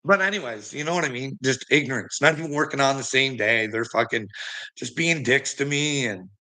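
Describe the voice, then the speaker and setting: Man, fired-up profane storyteller, sharp bright tone, emphatic casual rant. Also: mid-range voice, a little fast. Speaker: storyteller addressing a friend. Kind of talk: casual ranting anecdote.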